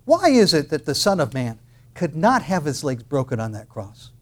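A man preaching an expository sermon, reading and explaining scripture with rhetorical questions, moving between loud proclamation and quiet intensity. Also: on the high side, very animated, moderate pace.

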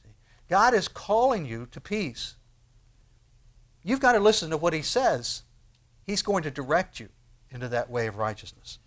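A man preaching a sermon as pastor, swinging from hushed, low phrases to loud emphatic ones and asking his listeners rhetorical questions. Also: very animated, normal speed, long pauses.

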